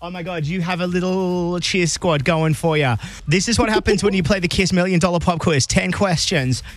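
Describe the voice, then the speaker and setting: An Australian man hosting a radio quiz, bubbly, excitable and teasing. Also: high-pitched, normal speed. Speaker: radio host. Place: radio studio.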